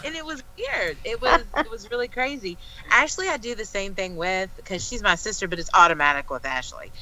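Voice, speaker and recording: A woman with a Southern US accent, a psychic medium telling stories in an animated, laughing way on a video call. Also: mid-range voice, a little fast, background noise. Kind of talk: casual group chat.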